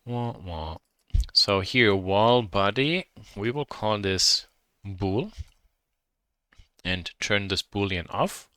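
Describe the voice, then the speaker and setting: A man with a German accent teaching a software modeling lesson, thinking aloud and correcting himself as he works. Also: fairly low pitch, takes it slowly, clean tone, dry recording, studio quality. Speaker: instructor.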